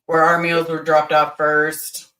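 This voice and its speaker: A woman's voice: sits low, monotone, slow pace, sharp tone, echoey room, distant mic, rough recording. A woman talking bluntly and candidly as a guest in a casual chat, swearing now and then.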